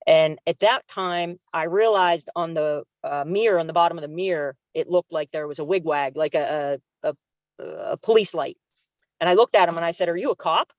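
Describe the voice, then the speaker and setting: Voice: medium pitch, moderate pace, dry recording. Retired officer in their 40s, dull video-call audio. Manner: conversational, acts out quoted dialogue, many fillers. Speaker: public commenter, retired police officer. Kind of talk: recounting an incident at a public meeting.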